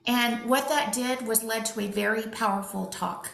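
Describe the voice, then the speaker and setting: A middle-aged woman, a physician and speaker, telling animated stories as a guest in an interview, slipping quoted dialogue into her talk. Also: on the high side, normal speed, creaky. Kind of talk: conversational interview storytelling. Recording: echoey room.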